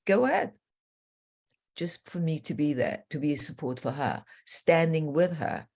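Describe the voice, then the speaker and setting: A middle-aged woman coach speaks in a low register, telling earnest stories from her work as an interview guest. Her delivery is animated, full of quick asides and restarts. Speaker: transformational coach.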